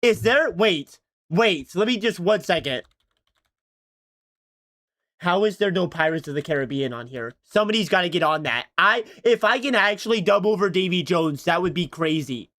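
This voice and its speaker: A young man livestreams in a loose, playful way, chatting and cracking jokes between attempts at mimicking lines. His voice sits high for a man. He keeps the talk relaxed and quick to laugh. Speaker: streamer. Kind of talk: casual livestream chat, imitating game voice lines.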